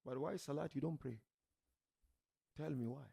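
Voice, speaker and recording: Preaching to a gathering, a man swings from soft pleading to loud, shouted emphasis, posing rhetorical questions and repeating key words. His voice sits on the high side, gravelly and husky, at a moderate pace.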